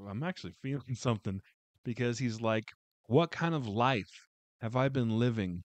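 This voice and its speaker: A man with a fairly low voice talks through a casual book review in a heartfelt, rambling way, full of fillers and false starts. The sound is close and dry, with no room echo.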